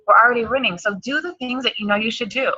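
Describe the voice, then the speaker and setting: A woman's voice: fairly high pitch, fast, pushed and bright, breathy edge, muffled recording. A woman giving an emphatic, hyped motivational talk on a team call, repeating her points. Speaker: team coach.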